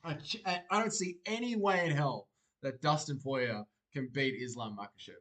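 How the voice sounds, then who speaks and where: A young man hosting a livestream, reading viewers' comments aloud and answering them in a relaxed, chatty way. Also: medium pitch, normal speed. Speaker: livestream host. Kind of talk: casual chat reacting to live chat.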